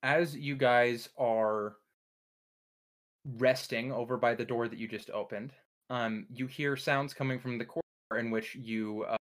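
A man narrating as dungeon master, talking in a halting way with many fillers. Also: mid-range voice, a bit bright. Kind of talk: narrating a tabletop game.

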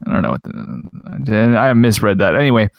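Man, podcast co-host, animated voice, reads news items aloud, dry sound. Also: lowish voice, normal speed, creaky, no echo, lo-fi sound. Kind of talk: casual chat.

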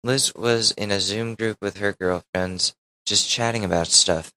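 A podcast host with a fairly low voice reads a confessional online post aloud in a candid, conversational way. He stops now and then for short, wry asides and swears casually. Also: steady tone, a little slow, pushed and bright, rough recording. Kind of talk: reading a Reddit post aloud.

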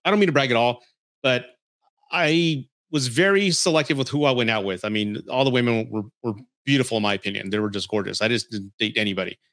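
A man's voice: mid-range voice, fast talker, fairly bright tone. A man hosting a podcast, telling frank personal stories in a blunt, profane, casual way. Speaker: podcast host.

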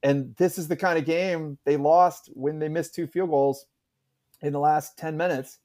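A man's voice: on the high side, fairly even intonation, unhurried, a little mellow. A man co-hosting a casual sports talk show, rambling with many fillers and restarts. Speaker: podcast co-host.

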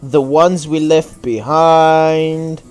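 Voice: medium pitch, steady tone, very slow, darkish tone, faint music behind. A friend chatting casually on a group call, teasing and saying dude a lot.

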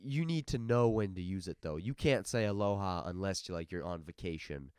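A man's voice: low voice, expressive, fairly quick, clear, resonant tone, no echo, clean studio sound. A young man co-hosting a podcast in easygoing, jokey casual chat. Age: young adult. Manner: easygoing, jokey, rates things out loud. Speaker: podcast co-host.

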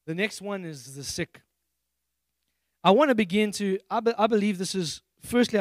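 A man from Africa, preaching a sermon on a handheld mic and acting out prayers in a high, excited voice. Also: no room sound. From South Africa. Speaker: pastor.

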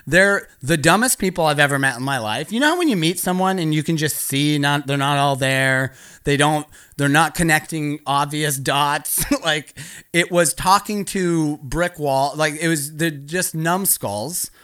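Comic guy ranting a story, swears a lot, bright tense kinda high voice, laughs as he goes. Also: a little slow, clean tone. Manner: profane, rambling, laughs through lines. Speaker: stand-up comedian. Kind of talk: stand-up comedy storytelling.

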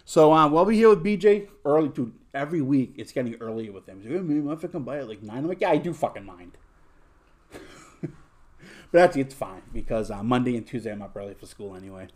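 A young man hosts a podcast in a warm, animated, medium-pitched voice, talking quickly. He shares crude stories casually, cursing freely and using plenty of fillers.

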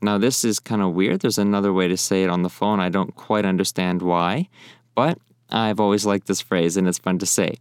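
Casual young male teacher, resonant low voice, patient and chatty. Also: fairly even intonation, no room sound, studio quality. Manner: friendly, repeats phrases slowly and clearly. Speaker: language teacher. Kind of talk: casual spoken lesson.

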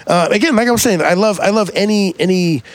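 A man's voice: sits high, fast talker, dry recording. A man co-hosting a podcast in casual chat, loose and profane, with lots of fillers and restarts. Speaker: podcast co-host.

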